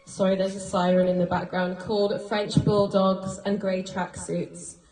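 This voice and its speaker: A woman's voice: medium pitch, level tone, normal speed, natural voice. A woman playing a scatterbrained, self-styled pop star attempting a comeback, sounding flustered. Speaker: comedy guest. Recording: echoey room with loud music.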